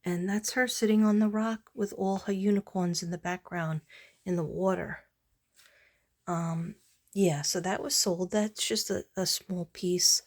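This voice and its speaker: A tired woman artist talks through her pieces in a casual late-night vlog, her lowish voice drifting along slowly. She meanders from one thought to the next, full of pauses and fillers. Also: steady tone. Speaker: artist showing her work.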